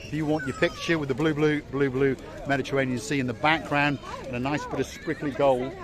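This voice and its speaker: A man's voice: medium pitch, fairly even intonation, fairly quick. A man hosting a vlog, bantering and teasing passers-by outdoors on a harbour promenade in the evening. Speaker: vlog host. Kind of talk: casual street chat with passers-by. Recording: crowd noise outdoors. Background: crowd chatter.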